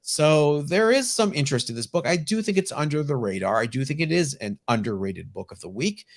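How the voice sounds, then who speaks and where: A man's voice: fairly high pitch, fairly quick. A man co-hosting a casual podcast about comic book collecting, talking with an enthusiastic manner. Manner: enthusiastic, lively collector banter. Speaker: podcast co-host.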